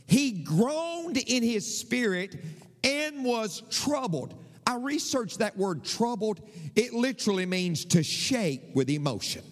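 Man, pastor, sermon, passionate, lively pitch, long hall echo. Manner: impassioned preaching, swings from low murmurs to high cries.

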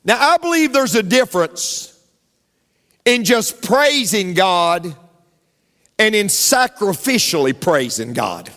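A man's voice: high-pitched, sing-song, slow, fairly bright tone. A male pastor preaching a sermon in a church, emphatic and repetitive, dropping to near-whispers to land key lines. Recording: long reverb of a large hall.

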